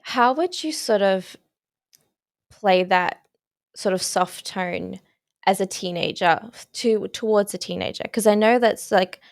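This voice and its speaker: A woman's voice: mid-range voice, a little slow, gravelly, no room sound, studio quality. Young woman host, tentative questions. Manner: tentative questions with many qualifiers. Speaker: podcast host. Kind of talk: podcast interview questions.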